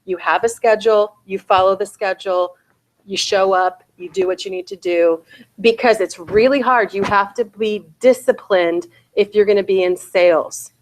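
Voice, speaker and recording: A woman's voice: mid-range voice, moderate pace. A woman in her forties giving a real estate sales bootcamp talk, often asking her audience "right?" and "okay?".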